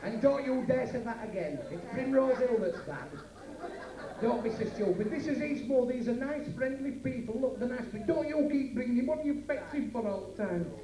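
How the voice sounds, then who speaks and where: A man's voice: very high-pitched, animated, normal speed. A man with a Yorkshire accent doing a bawdy stand-up routine at a working men's club, bantering brashly with the crowd. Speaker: club comedian. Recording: echoey club from far off, faint ambience, 1980s.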